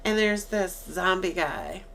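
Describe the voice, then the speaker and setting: A woman's voice: on the low side, slow. Chatty woman podcaster retelling a movie. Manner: animated, acts out quoted lines with laughs. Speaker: podcast co-host. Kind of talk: casual chat, retelling a movie.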